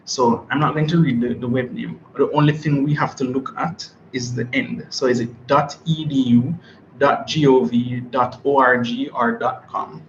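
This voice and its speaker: A man's voice: medium pitch, fairly even intonation, moderate pace, a little hiss or hum. Man teaching an online review class. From Jamaica. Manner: checks chat for answers, reads multiple-choice questions aloud. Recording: dull, echoey room audio.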